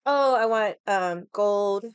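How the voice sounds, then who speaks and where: Young woman rambling on her livestream, swears a lot, smooth voice, dry close sound. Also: mid-range voice, slow, no room sound. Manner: rambling, swears freely, laughs often. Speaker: livestream vlogger. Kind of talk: casual chat with viewers.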